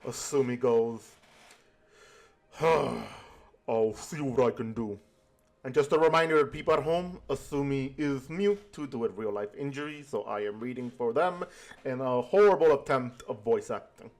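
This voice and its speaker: A man narrating a tabletop game as game master in slow, halting sentences. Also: mid-range voice.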